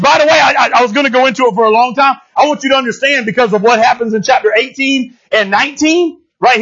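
A male pastor giving a lively, conversational sermon, speaking straight to his congregation and often checking in with them. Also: extremely high pitch, highs cut off. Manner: animated, talks straight to the congregation, often asks "you know what I'm saying?".

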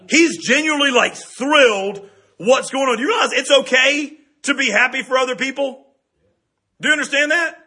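High, bright-voiced preacher, husky edge. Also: male voice, normal speed. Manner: lively, conversational preaching with frequent "right?" asides. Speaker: pastor. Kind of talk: sermon.

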